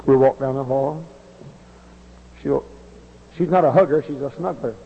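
A man in his forties preaching a sermon in a gravelly, husky voice, moving from folksy stories to loud impassioned outbursts. The recording is dull and old, with long reverb from a large church hall. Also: mid-range voice, measured pace. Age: 40s. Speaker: pastor.

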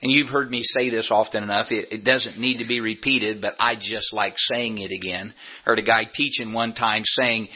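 A man with a husky voice preaches to his congregation in a folksy, joking manner, lifting his voice high on points he wants to land. The recording is dull and lo-fi, as if taped from the church sound system. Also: normal speed. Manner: folksy preaching with rising emphatic peaks and humor. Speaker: pastor. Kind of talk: sermon. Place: church sanctuary.

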